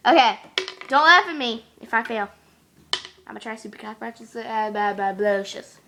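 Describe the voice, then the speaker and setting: A woman talking casually to her camera at home, excitable and quick to exclaim. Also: fairly high pitch, noisy background. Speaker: vlogger. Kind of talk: casual chatty vlog.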